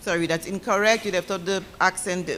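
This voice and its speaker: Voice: medium pitch, steady tone, a little fast, fairly bright tone, slight background noise. A spelling bee pronouncer who speaks formally and corrects contestants letter by letter. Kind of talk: slow, deliberate word pronouncing and spelling.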